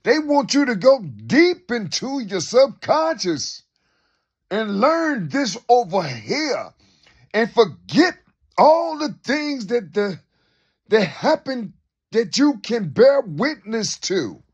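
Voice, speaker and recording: Slow, lively high-voiced man musing aloud. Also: breathy edge. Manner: rhetorical questions, repeats himself; unscripted, loose and conversational. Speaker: speaker sharing reflections. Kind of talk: rambling spoken monologue.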